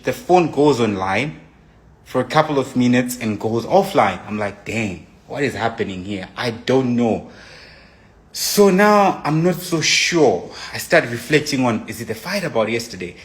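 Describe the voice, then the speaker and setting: A young man giving an emotional personal account, animated, acting out his own messages as he retells them. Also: mid-range voice, normal speed. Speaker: storyteller.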